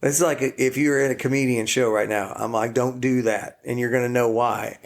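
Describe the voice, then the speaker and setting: Guy on a couples podcast, gravelly voice, jokey but sincere, chuckles a lot. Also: mid-range voice, steady tone, brisk. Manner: joking, earnest, chuckles while talking. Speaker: podcast co-host. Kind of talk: casual chat.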